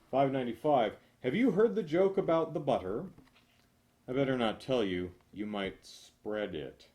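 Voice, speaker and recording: A man reading numbered jokes aloud one after another, hitting each punchline with animated emphasis. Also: mid-range voice. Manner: animated, punchy joke delivery with drawn-out punchlines.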